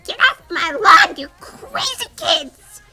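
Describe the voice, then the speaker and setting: A woman voicing a cranky old lady who shouts fast and shrill at kids on her lawn. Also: huge pitch swings, faint music behind, heavily acted. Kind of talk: live-stream voice impression.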